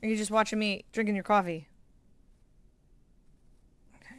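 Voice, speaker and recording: A middle-aged woman hosting a casual quilting livestream, chatting excitedly with viewers as she sews. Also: medium pitch, moderate pace, clear, resonant tone, dry recording. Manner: bubbly, chatty, talks to viewers by name. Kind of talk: casual livestream chat while sewing.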